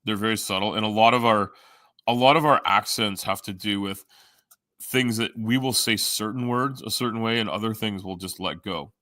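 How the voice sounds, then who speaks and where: Canadian man, casual stream chat, low bright voice, dry close mic. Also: normal speed, no echo. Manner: rambling, profane, joking. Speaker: live stream host. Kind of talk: casual chat reading viewer comments.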